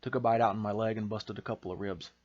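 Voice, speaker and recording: A man reads a gaunt, unwell infantryman in a storybook reading, speaking in a low, unhurried drawl with homespun turns of phrase. He sounds hesitant and folksy. The audio is slightly dull. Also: fairly even intonation, a little mellow, lightly acted. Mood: plain. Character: shy, sickly rural Southern male infantry veteran.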